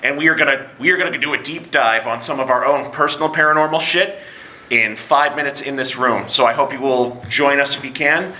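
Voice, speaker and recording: At a convention, a man with a medium-pitched, sharp voice hosts a live podcast before an audience, joking around and rattling off quick plugs for shows with casual profanity. The live room recording picks up background noise.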